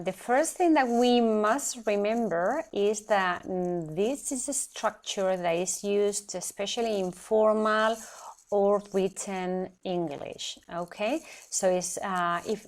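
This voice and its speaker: A woman teaching an English grammar lesson in a measured, explanatory way, often checking in with "okay?". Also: medium pitch. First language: Spanish. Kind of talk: recorded lesson presentation.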